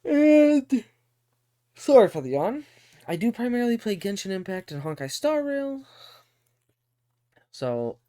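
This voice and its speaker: A man's voice: high-pitched, sing-song, moderate pace, pauses often, mellow. A young man chatting casually as a game streamer, laid-back and chatty with the odd swear word.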